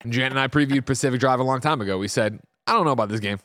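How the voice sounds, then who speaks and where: Male co-host, rapid teasing banter, middle pitch, dry studio sound. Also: fairly bright tone, dry recording. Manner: fast, joking trash talk. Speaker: podcast co-host. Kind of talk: casual chat.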